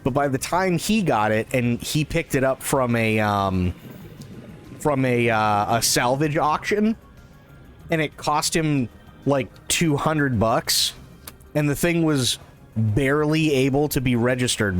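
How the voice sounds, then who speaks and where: Animated profane man telling stories on stream. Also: mid-range voice, a little slow, soft background music. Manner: animated, profane, laughs at his own stories. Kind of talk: casual storytelling during a live game stream.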